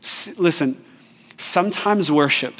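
Higher-voiced pastor in an echoing hall. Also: male voice, a little slow, fairly bright tone, husky. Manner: conversational, with personal stories. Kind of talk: sermon. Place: church.

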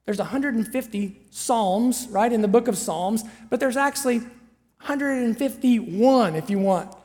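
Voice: mid-range voice, measured pace, warm tone. A pastor preaching a sermon in a chatty, storytelling way, with frequent asides to the listeners. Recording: long hall reverb.

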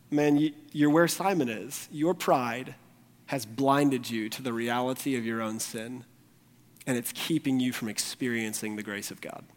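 A male pastor preaching a morning sermon, speaking earnestly and pleading directly with his congregation. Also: medium pitch. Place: church sanctuary during a morning service. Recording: long reverb of a large hall.

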